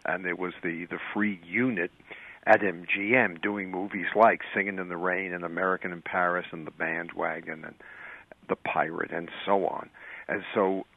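A man's voice: low-pitched, steady tone, normal speed, no echo, phone-quality sound. An older man, a wry self-styled curmudgeon, telling show-business stories as a guest on a radio interview.

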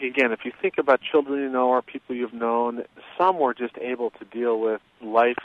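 A man being interviewed as an expert, explaining at a measured pace with many fillers and restarts. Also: mid-range voice. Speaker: guest expert on childhood trauma. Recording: tinny phone-line sound.

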